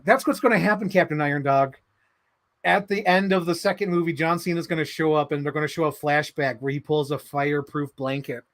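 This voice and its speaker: A man hosting a casual livestream, answering chat in an animated, excitable way with many fillers. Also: a little high. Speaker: livestream host reading chat.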